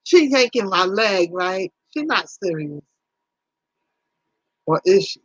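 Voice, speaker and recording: A woman's voice: mid-range voice, very animated, takes it slowly, dry recording, muffled recording. A woman hosting a casual livestream, talking animatedly with viewers, teasing them by name and exclaiming often. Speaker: livestream host.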